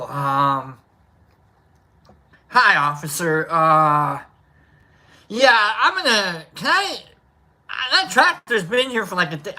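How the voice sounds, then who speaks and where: A woman's voice: on the low side, sharp tone, full character voice. A woman acting out a sheepish farmer who plays dumb to a police officer, stammering and evasive.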